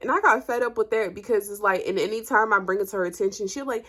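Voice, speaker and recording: A woman's voice: mid-range voice, quick pace. A young woman telling a personal story to her viewers in casual chat, blunt and profane, her voice jumping up when she gets heated. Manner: animated, voice jumps up when heated.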